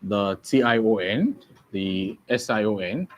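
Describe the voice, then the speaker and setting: Speaking in a fairly low, expressive voice, a Nigerian man leads an English exam-prep class. He restates each point, moves slowly, and often pauses to ask if everyone understands.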